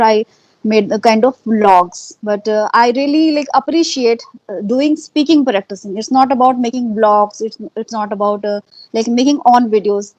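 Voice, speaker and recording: This low-quality, dry recording captures an English-learning woman with an Indian accent being interviewed in casual conversation. Her mid-range voice is a little mellow, and she speaks earnestly, repeating herself often and using fillers.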